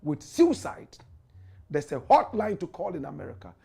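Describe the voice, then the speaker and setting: A man's voice: on the high side, wildly swooping pitch, moderate pace, gravelly, dark tone, breathy edge. A man from Ghana with a Ghanaian accent, hosting an opinionated commentary show and preaching directly to his listeners.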